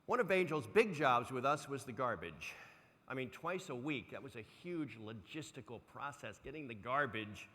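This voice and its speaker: An older man giving a motivational keynote speech, an animated storyteller who acts out quotes with big swings in loudness. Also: medium pitch, normal speed, slight background noise. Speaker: motivational speaker. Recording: long hall reverb.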